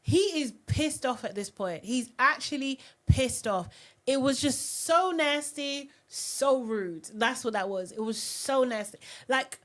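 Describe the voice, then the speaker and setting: A woman hosting a live reality TV recap, talking in an animated, outspoken way. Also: a little high, takes it slowly. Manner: animated and outspoken, often mocking voices. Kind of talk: live recap and review chat.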